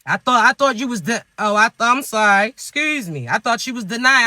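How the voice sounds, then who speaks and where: A man's voice: extremely high pitch, animated, brisk, bright, forceful tone, dry recording. A man giving spiritual advice in a monologue, scolding the listener with teasing rhetorical questions. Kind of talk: motivational monologue to viewers.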